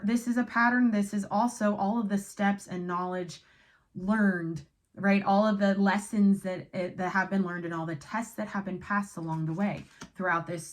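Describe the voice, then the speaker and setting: Lower-voiced woman giving a casual tarot reading. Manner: casual, emphatic, swears, switches into quoted inner voices. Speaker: tarot reader.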